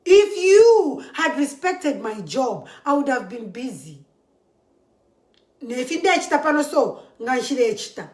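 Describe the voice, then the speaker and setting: Zambian woman, high voice, fervent commentator in an echoey room. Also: very animated, a little slow, a little mellow. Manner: mixes English with local language, keeps asking "eh?". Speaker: social media commentator. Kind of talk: impassioned political monologue.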